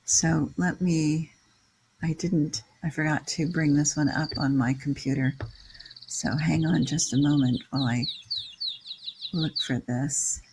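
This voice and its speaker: An older person leading a scripture class, chanting Sanskrit syllables slowly and explaining verse meter and word meanings in a casual way. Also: mid-range voice, noisy background. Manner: reads out word-by-word glosses in a steady list. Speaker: leader of a scripture reading class.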